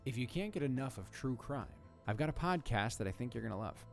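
A man reading a scripted podcast advertisement in a measured way. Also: medium pitch, expressive, gravelly. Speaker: ad read announcer. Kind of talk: scripted ad read. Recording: faint music bed.

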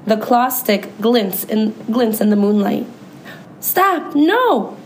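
A woman who teaches third grade, reading a children's book aloud with friendly, expressive commentary. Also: mid-range voice, unhurried, slight background noise, low-quality recording.

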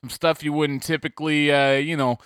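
A man's voice: on the high side, level tone, brisk, a bit bright, clear, resonant tone, dry recording, clean studio sound. A man co-hosting a podcast in casual comedic chat, riffing and laughing often. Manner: laughs often, riffs jokingly. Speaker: podcast co-host.

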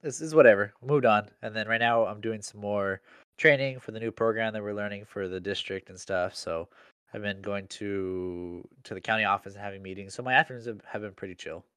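A man's voice: on the low side, fairly quick, fairly bright tone, clean tone, no echo, clean studio sound. A young man in casual chat, telling a work story in slangy speech full of "like". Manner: slangy storytelling, heavy use of "like".

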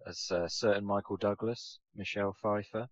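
A man's voice: fairly low pitch, steady tone, normal speed, no room sound. A man co-hosting a podcast in casual chat, teasing and jokey. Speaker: podcast co-host. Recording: dull lo-fi sound with music behind.

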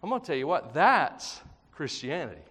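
A man preaching a sermon in an animated, conversational way, mixing jokes and acted-out quotes into his teaching. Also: fairly high pitch, normal speed, breathy edge, long reverb tail. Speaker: pastor.

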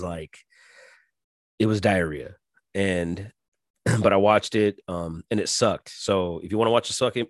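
A man's voice: on the low side, no room sound, clean studio sound. A man in his forties rambling crudely through a casual monologue, swearing constantly and slipping into mimicked voices. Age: 40s. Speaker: podcast host.

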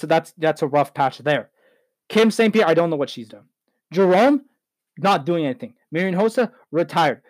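A man's voice: a little high, no room sound. Heated rambling sports podcast host, man. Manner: rambling, heated, self-correcting. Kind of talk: solo sports talk podcast.

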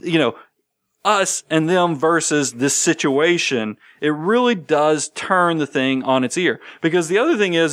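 A man's voice: a little high, no room sound, studio quality. A man, co-hosting a casual money talk show and animatedly acting out quotes as he tells stories. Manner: animated, storytelling with acted-out quotes. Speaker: podcast co-host.

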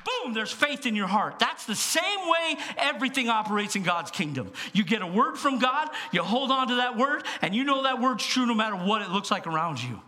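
A man delivers a sermon in a church, his voice pitched high and ringing bright. He tells stories with plenty of energy, sliding from quiet confiding asides up to loud, emphatic bursts. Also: moderate pace, hardly any pauses. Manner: animated storytelling, jumps between hushed asides and loud bursts. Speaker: pastor.

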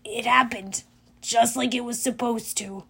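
Woman reading exhausted young satyr boy, high voice, quiet, hushed, mournful, storybook. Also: fairly even intonation, a little slow, vocal fry, husky, full character voice. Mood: miserable.

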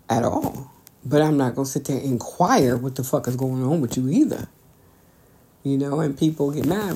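A blunt woman speaks off the cuff in a low-set voice that leaps up high whenever she drives a point home. She swears freely and talks with easy, unscripted candor. A faint hiss sits under the recording. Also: a little mellow. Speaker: vlogger. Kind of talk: candid unscripted monologue.

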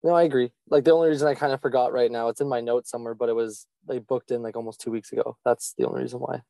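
A young man in sales training answers his coach. He talks quickly and hesitantly, with many fillers. His voice is mellow and the recording is dry. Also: medium pitch, fairly even intonation, vocal fry, no room sound.

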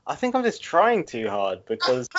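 A man's voice: medium pitch, huge pitch swings, moderate pace, lo-fi sound. A man ranting and joking in casual podcast banter, swearing often and laughing a lot. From England. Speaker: podcast co-host.

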